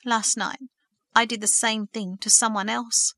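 Remorseful young man, tearful and pleading, voice shaking, read by a woman narrator in a bright, close, dry tone. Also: fairly high pitch, fairly even intonation, unhurried, no echo. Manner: shaky, sobbing pleas.

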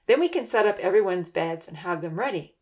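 A woman's voice: fairly low pitch, lively intonation, fairly quick, darkish tone, natural voice. A woman voicing a practical, sensible young girl with a light, matter-of-fact voice.

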